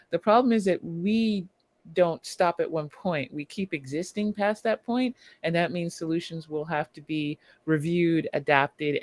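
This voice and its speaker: A woman's voice: low voice, no room sound. A woman co-hosting a casual news discussion podcast, explaining points at length and laughing between them. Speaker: podcast co-host.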